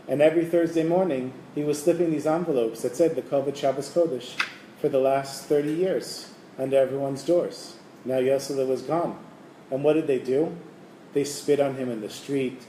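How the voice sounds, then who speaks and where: A man tells a religious tale with animation and plays the people in it. His voice is mellow and sits a bit high. The recording is roomy, with faint hiss. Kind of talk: storytelling. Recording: echoey room, faint hiss.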